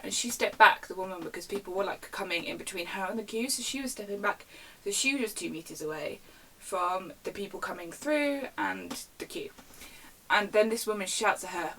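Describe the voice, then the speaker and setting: A young woman talks straight to her viewers in an animated, indignant rant about retail stories. She sits a little back from the mic, and a faint hiss runs under her voice. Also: mid-range voice, a little fast, vocal fry. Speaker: vlogger. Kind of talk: casual storytime rant. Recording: slightly distant mic with faint background hiss.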